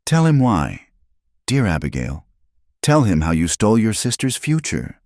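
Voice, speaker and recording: A man's voice: low-pitched, sing-song, moderate pace, darkish tone, no room sound, clean studio sound. A man reading aloud voicing a smug, scheming middle-aged mother with a purring, mocking manner. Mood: gloating.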